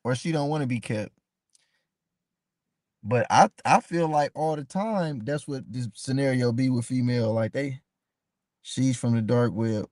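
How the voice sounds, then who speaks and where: A man's voice: mid-range voice, a little mellow, no echo, studio quality. A man hosting a live stream, talking casually and passionately to his chat, calling viewers by name and repeating himself.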